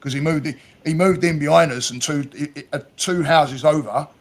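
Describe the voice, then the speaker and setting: A man's voice: fairly high pitch, a little fast. A man from South East London with a Cockney accent, chatting casually, telling stories and swearing freely. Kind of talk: casual chat.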